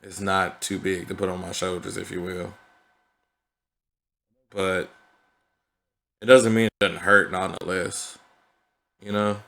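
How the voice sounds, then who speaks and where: A man's voice: low voice, flat delivery, unhurried, gravelly, long pauses, bright, forceful tone. A man talking through his thoughts in a casual, reflective vlog, earnest and conversational, often checking in with "you know what I mean". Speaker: vlogger.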